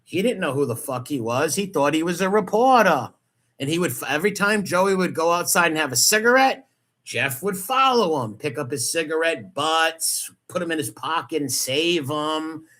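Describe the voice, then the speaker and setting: A man's voice: fairly high pitch, expressive, moderate pace, pushed and bright. A man giving angry reaction commentary, mocking and profane as he picks apart a clip.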